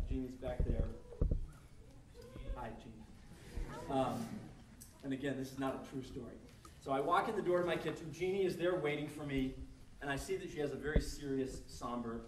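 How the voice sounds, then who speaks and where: A man's voice: mid-range voice, background noise. Man preaching in an echoey hall. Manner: conversational, acts out quoted scenarios. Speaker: pastor. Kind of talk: sermon. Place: church service hall. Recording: echoey room miked from a distance.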